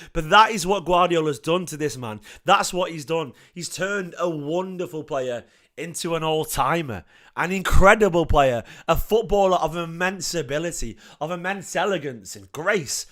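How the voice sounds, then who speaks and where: A hoarse man, talking in a slightly higher register than most men. He gushes about his team with passionate repetition, his worn-out voice cracking with feeling. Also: fairly bright tone. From Manchester, England. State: hoarse, lost voice. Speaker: football fan channel host. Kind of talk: emotional match reaction vlog.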